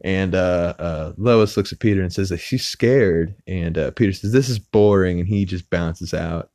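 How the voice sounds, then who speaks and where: Deep and a bit dark in tone, the male podcast host talks at a moderate pace into a podcast mic, the studio-quality recording free of room sound. His casual TV episode recap rambles, full of "uh" fillers and restarted sentences.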